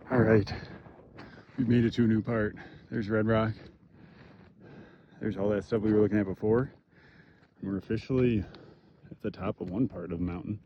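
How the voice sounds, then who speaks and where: A man's voice: fairly low pitch, lo-fi sound, noisy background. A young man from Michigan with a Michigan accent, out of breath and chatty as he vlogs a mountain hike, swearing and complaining about how hard it is. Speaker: vlogger. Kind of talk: hiking vlog narration. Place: outdoors on a mountain trail.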